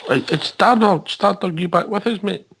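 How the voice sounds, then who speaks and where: A man's voice: high voice, normal speed, creaky, fairly bright tone, slightly rough. A Scottish man on a fan radio show, chatting about football and bringing others into the talk. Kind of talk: casual football chat.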